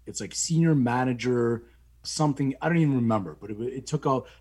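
A middle-aged man with a husky, slightly breathy voice tells a long personal story in easygoing conversation. He keeps his speaking pitch in a middle range and livens it up by mimicking the people he quotes. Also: fairly quick. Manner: animated, acts out quoted voices with rising pitch. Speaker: guest telling a story.

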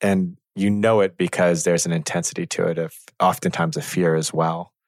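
A man teaching in a reflective conversation, measured and thoughtful, pausing to find his words. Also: low-pitched, fairly even intonation, no room sound, clean studio sound.

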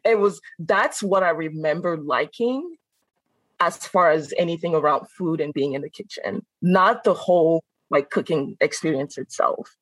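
A woman from Benin talks as a guest on a podcast, her voice sitting fairly low. She tells her stories in an animated, casual way, laughing often and acting out what people said. The sound is dry and close, with no room echo. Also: unhurried. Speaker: guest, food content creator. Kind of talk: casual conversational storytelling.

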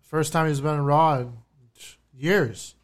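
Slightly high-voiced guy cohosting a podcast, chatty, jumps in a lot. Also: slow pace. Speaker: podcast co-host. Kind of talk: casual podcast chat.

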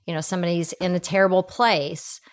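A woman hosting a casual podcast chat, relaxed and conversational, asking follow-up questions. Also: lowish voice, brisk.

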